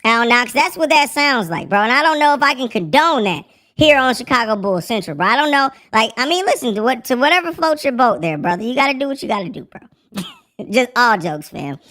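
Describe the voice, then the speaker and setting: A young man hosting a live sports podcast through a squeaky pitch-shift voice changer, joking and swearing in slang. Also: very animated, brisk, sharp tone, heavily acted. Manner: joking, profane slang, mock breaking-news delivery. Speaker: podcast host.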